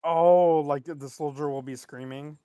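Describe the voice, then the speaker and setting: A man's voice: on the high side, brisk, no echo, clean studio sound. A man co-hosting a podcast in crude, casual banter, laughing a lot and quipping. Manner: laughs a lot, quips and feeds bits. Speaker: podcast co-host.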